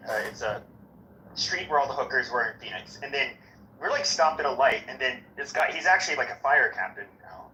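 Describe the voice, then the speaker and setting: A man's voice: medium pitch, expressive, brisk, pushed and bright, slight background noise. A man from Arizona telling crude, provocative stories in casual comedic banter. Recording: muffled, echoey room.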